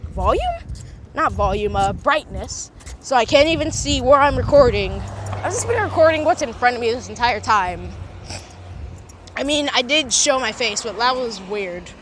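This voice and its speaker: A woman's voice: a little high, expressive, moderate pace, background noise. A young woman vlogging from her phone, rambling and correcting herself in a casual monologue. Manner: rambling, self-correcting, heavy use of filler words. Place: recording on a phone while out and about.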